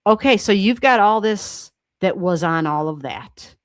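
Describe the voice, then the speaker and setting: A woman hosting a livestream, chatting casually as she reads charts, excitable and laughing often, with casual swearing. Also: medium pitch, a little slow, dry recording. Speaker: astrology livestream host.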